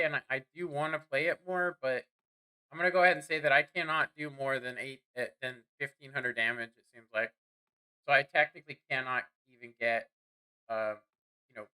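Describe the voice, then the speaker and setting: A man's voice: medium pitch, fairly quick, bright, forceful tone, clean tone. A man giving rambling, self-deprecating commentary while playing a game. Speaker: gaming streamer. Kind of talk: casual gameplay commentary.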